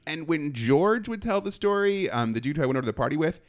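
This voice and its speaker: A man's voice: fairly high pitch, expressive, fast talker. A man telling a self-mocking story from his college days in a casual chat, laughing often. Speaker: podcast storyteller.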